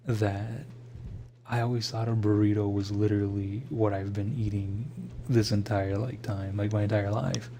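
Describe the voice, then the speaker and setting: Gravelly low-voiced young man rambling. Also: dark tone, slight background noise. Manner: rambling, profane, laughs to himself. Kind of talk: casual reflective monologue.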